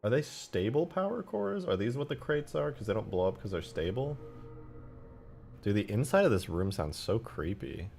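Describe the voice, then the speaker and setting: A man's voice: fairly low pitch, very animated, moderate pace, gravelly, darkish tone, soft background music. A man live-streaming game modding, chatting casually and cursing as he answers viewers. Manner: loose and profane, answering chat questions. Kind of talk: casual livestream chat while modding.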